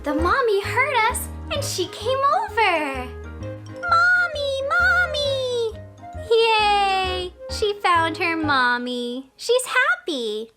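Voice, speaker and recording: A woman hosting a children's show, teaching toddlers in a slow, exaggerated sing-song with drawn-out, encouraging words. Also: extremely high pitch, sing-song. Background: loud children's music.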